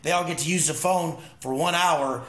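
A man's voice: on the high side, moderate pace, fairly bright tone, reverberant. A man talking as an interview guest, intense and profane, telling emphatic stories in casual conversation. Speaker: podcast guest.

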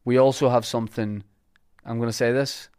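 A Northern Irish man hosts a podcast in an easygoing, rambling way, full of fillers, restarts and jokes. His voice sits at an ordinary middle pitch for a man. He talks loosely, even when he reads out ads. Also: brisk, clean tone. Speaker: podcast host. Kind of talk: casual podcast chat and sponsor reads.

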